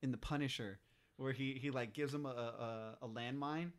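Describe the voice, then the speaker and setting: A man's voice: mid-range voice, steady tone, normal speed, clear, resonant tone. A young man chatting casually about a movie, asking questions and laughing often.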